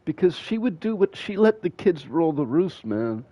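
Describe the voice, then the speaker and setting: His pitch is a little high and sing-song, his tone dark, his speed normal. He's a man streaming a game, casually rambling through profane stories and laughing at them, captured dry on a dull home mic with no echo.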